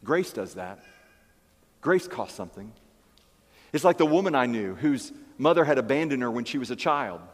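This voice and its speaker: A man's voice: medium pitch, sing-song, normal speed, pauses often, long reverb tail. A man preaching a sermon as pastor, emphatic and fond of repeating key phrases. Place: church.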